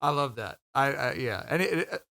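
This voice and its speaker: Regular-pitched dude chillin on a podcast, easygoing. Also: male voice, big pitch swings, normal speed, gravelly, sharp tone. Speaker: podcast co-host. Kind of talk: casual chat.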